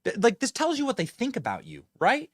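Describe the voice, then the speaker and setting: A man's voice: very high voice, huge pitch swings, brisk. A male host giving mocking, sarcastic political commentary.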